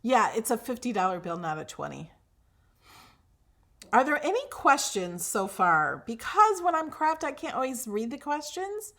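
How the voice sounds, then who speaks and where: A woman's voice: a little high, sing-song, normal speed, a bit bright. A woman hosting a craft livestream, chatting casually with viewers, gushing over her projects with fillers and restarts.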